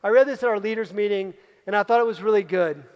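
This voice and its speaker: High-voiced man giving an emphatic keynote. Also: quick pace, clear, resonant tone, in a large hall, muffled recording. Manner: emphatic, repeats key phrases for effect. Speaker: leadership coach. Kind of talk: motivational keynote talk. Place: large event hall at a live retreat.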